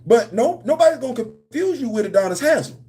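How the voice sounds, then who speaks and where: A man's voice: very high-pitched, sing-song, fast talker, warm tone, slight background noise. A man hosting a comics and culture channel, talking in a loose, playful, repetitive way with slang. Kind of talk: casual livestream chat.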